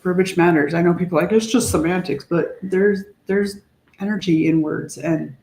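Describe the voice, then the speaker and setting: A woman co-hosting a podcast, talking in a casual, heartfelt way, reflective and halting as she searches for words. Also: lowish voice, fairly even intonation, vocal fry, darkish tone. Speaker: podcast co-host. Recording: echoey room.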